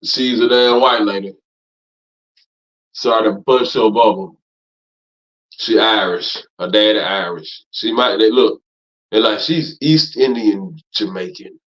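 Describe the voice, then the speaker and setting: A man preaching hard in a teaching class, repeating himself, cursing, and swinging from loud outbursts down to low mutters. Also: fairly even intonation, measured pace, pauses often. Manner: emphatic, repetitive, profane, swings from loud to low. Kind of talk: fiery preaching lecture. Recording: dull lo-fi recording.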